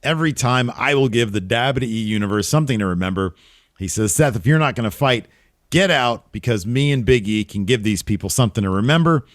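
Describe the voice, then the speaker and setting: A man co-hosting a casual wrestling recap show, jumping into lively voices when he quotes wrestlers. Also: mid-range voice, fairly quick, no echo, studio quality. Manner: animated when quoting, voice jumps up for quotes. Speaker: podcast co-host.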